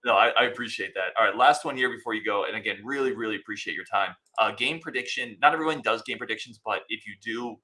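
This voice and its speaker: Fast, bright-voiced male podcast host. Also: on the low side. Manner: upbeat, encouraging, brisk. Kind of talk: casual podcast interview.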